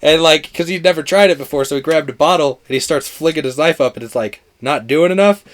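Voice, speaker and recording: A man's voice: a little high, fast talker. A young man co-hosting a podcast in casual chat, telling stories with laughter and acted-out quotes. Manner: animated storytelling, laughing often, acting out quotes. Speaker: podcast co-host. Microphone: podcast microphone.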